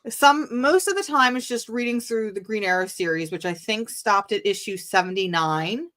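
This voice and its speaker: A woman telling an animated story as a guest on a live-streamed video call interview, acting out the dialogue. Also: medium pitch, normal speed.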